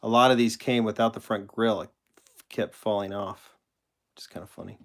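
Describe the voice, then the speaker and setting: Male streamer, lowish voice, loose, rambling chat with frequent self-corrections. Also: fairly even intonation, a little fast. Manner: rambling, self-correcting, answers chat questions while showing toy cars. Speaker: host of a live collector stream. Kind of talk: casual live-stream chat.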